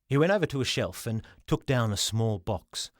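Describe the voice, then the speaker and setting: A man reading a children's storybook aloud as the narrator, in an expressive way. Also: medium pitch, moderate pace, dry recording, studio quality. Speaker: audiobook reader.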